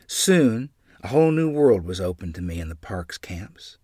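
A man narrating a memoir in the first person with a dramatic, expressive delivery. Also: sits low, moderate pace, slightly rough, dry recording, clean studio sound.

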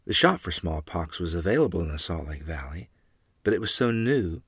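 A man tells a first-person memoir in a measured, earnest way. His voice is low, husky and forceful, recorded close and dry. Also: lively intonation, no echo. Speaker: storyteller.

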